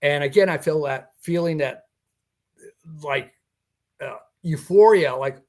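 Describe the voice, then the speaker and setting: A man's voice: fairly high pitch, a little slow, long pauses. An older man telling a personal story in a podcast interview, acting out the dialogue and chuckling as he goes. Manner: recounting a personal encounter with quoted dialogue and chuckles. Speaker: guest.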